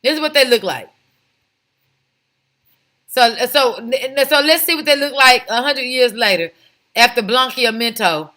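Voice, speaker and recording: A woman's voice: sits high, unhurried, long pauses, sharp tone. A woman giving opinionated vlog commentary, talking emphatically and firing off rhetorical questions. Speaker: commentary vlogger. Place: home, lives in Texas.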